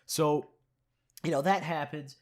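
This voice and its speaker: A man's voice: on the high side, steady tone, takes it slowly. Young male YouTuber, congested and a bit sore-throated, casual profane storytime. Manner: profane, rambling, chuckles often. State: stuffed-up nose and sore throat.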